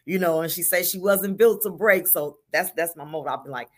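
A woman's voice: on the low side, a little fast. An older woman, a grandmother, talking earnestly as a guest on a talk show, often repeating words as she makes her point. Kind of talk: casual chat.

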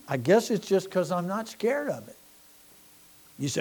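Folksy rambling preacher, mellow-voiced man. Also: sits high, expressive, normal speed, husky. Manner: rambling, self-deprecating, repeats words, swings from quiet to loud. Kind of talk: folksy sermon.

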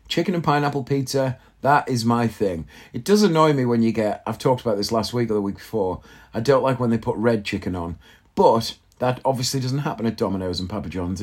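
A man's voice: medium pitch, a little mellow. A man, likely in his thirties, telling a rambling, self-mocking comic story on his podcast and swearing casually. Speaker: podcast host. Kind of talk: casual comedic monologue.

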